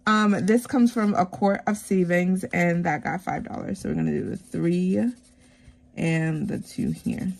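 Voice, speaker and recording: Woman teacher vlogging while she stuffs cash envelopes, chatty and animated, lots of "like" and "um". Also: fairly low pitch, unhurried, creaky. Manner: chatty, animated retelling with many fillers.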